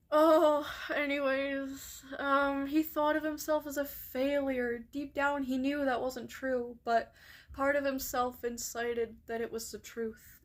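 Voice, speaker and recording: A young woman streams herself reading an interactive story aloud, with a fairly high voice and an unhurried pace. She reacts openly and emotionally, laughing and swearing freely between passages.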